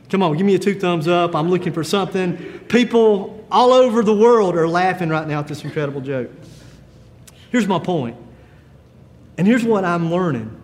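A man pastor preaching a sermon in a gentle, conversational way, with frequent pauses and fillers. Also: high-pitched, long reverb tail.

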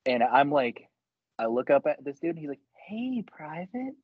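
A man's voice: mid-range voice, fairly quick, dry recording. A laid-back young man co-hosting a podcast, swearing a lot and calling everyone bro as he tells army stories. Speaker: podcast co-host. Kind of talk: casual chat, swapping army stories. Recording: slightly dull, lo-fi dry mic.

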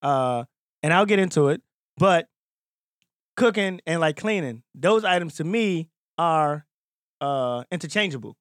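A man's voice: on the high side, lively intonation, measured pace, pauses often, no echo, studio quality. A man co-hosting a podcast in casual chat, blunt and emphatic with plenty of profanity. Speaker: podcast co-host.

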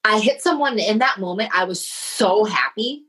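A middle-aged woman in casual conversation, telling a personal story in an animated way and acting out the voices of the people in it. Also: medium pitch, normal speed, slightly rough, rough recording. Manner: animated, acts out quoted voices.

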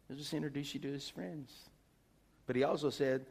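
A man preaching a sermon, telling stories excitedly and swinging from soft talk to shouts. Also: medium pitch, fairly quick. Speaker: pastor.

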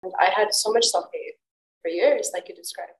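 A woman host chats openly, her mid-pitched voice carrying a roomy echo. She tells her own stories in a loose, candid way, full of "like". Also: fairly quick. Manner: candid, open storytelling with frequent "like". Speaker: podcast host. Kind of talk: casual podcast conversation.

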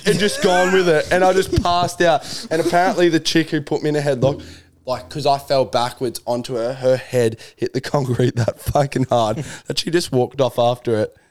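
A young Australian man co-hosting a casual podcast. He tells stories loosely, laughing and swearing through them. His voice sits at an ordinary middle pitch. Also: normal speed, slight background noise. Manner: laughing, animated swearing storyteller. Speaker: podcast co-host. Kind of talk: casual chat, storytelling.

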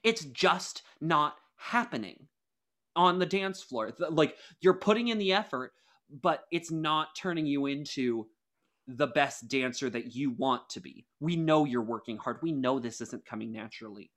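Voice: mid-range voice, animated, measured pace, fairly bright tone. A podcast co-host in casual chat, arguing in a heated, exaggerated way and pushing their point hard.

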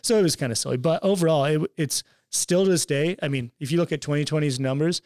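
A man talking as a podcast guest, relaxed and loose, swearing casually and laughing often. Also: fairly high pitch, quick pace, no room sound, studio quality. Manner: laid-back, swears freely, laughs often. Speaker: podcast guest, graphic designer.

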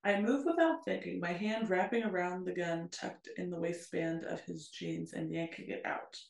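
Woman reading a dark novel aloud, gravelly. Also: lowish voice, moderate pace, reverberant, slight background noise. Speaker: podcast co-host.

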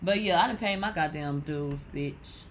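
A woman in her thirties hosting a podcast, giving blunt, profane, animated gossip commentary. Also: low voice, moderate pace, a little hiss or hum, rough recording. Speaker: podcast host.

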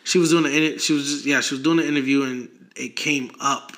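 Bright-voiced man chatting casually. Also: mid-range voice, quick pace. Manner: animated, swearing, laughing storyteller. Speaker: podcast co-host. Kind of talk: casual chat.

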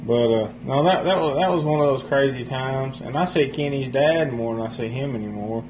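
A man's voice: medium pitch, brisk, noisy background. A man casually telling a rambling, profane story among friends. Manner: rambling, profane, laughs while telling stories.

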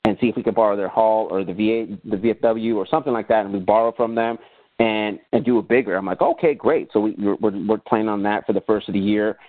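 Fast-talking man, tinny phone-like sound. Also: on the low side, no room sound. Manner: animated storyteller who acts out remembered conversations. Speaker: podcast guest, business owner. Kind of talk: casual interview storytelling.

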